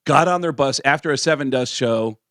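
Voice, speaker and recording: A man co-hosting a radio talk show, telling stories in a lively way and acting out the people he quotes. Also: mid-range voice, brisk, no room sound, studio quality. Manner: animated storyteller acting out quotes in voices. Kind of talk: casual storytelling chat.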